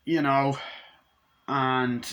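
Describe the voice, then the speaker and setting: A man's voice: mid-range voice, little pitch movement, drawn-out words, highs cut off. A man talking through a film review in a loose, rambling way, gushing and swearing a lot. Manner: rambling, enthusiastic, heavy swearing. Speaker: movie reviewer. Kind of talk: casual film review monologue.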